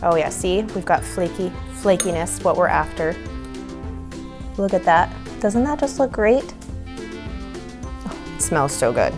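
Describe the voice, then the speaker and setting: A woman's voice: fairly low pitch, lively intonation, a little slow, long pauses, music in the background. A woman hosting a homesteading channel, chatting directly to the viewer as she walks through a wood stove cooking demonstration. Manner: chatty, talks straight to the viewer.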